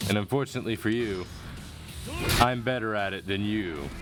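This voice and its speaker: Man reading a tough stoic yakuza, low voice, unshowy. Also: normal speed, loud music behind the voice, close to an everyday voice. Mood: stern.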